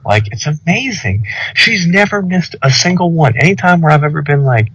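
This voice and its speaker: A young man telling a rambling, animated story over casual podcast chat, full of filler words. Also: a little high, normal speed, slightly rough. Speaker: podcast co-host. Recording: dull lo-fi audio.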